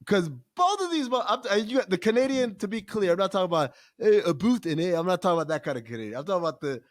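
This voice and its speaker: A man hosting a casual podcast, talking loudly and animatedly with plenty of profanity. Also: high voice, expressive, racing, dry recording. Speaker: podcast host.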